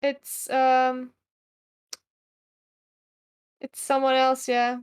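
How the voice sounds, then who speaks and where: Slightly high-voiced woman co-reading narration. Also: completely flat delivery, extremely slow, clear, resonant tone. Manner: reads the narration lines plainly, with wry asides. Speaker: guest co-reader. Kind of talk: casual live read-along chat.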